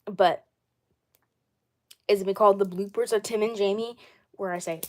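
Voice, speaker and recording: A woman's voice: mid-range voice, fairly even intonation, normal speed, pauses often, a little mellow. A woman hosting her own live stream in a casual chat, rambling and repeating herself often. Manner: rambling and repetitive. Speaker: channel host.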